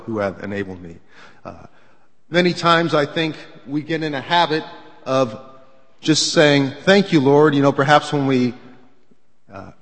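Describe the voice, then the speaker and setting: A man's voice: medium pitch, a bit bright. Earnest male preacher in a reverberant hall. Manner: earnest, conversational preaching with frequent "uh" fillers and personal testimony. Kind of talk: sermon.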